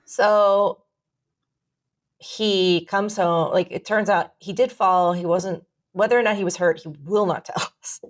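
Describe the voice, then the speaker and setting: A woman co-hosting a podcast, telling a long story in casual chat, animated and rambling, swearing freely. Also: medium pitch, measured pace. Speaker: podcast co-host.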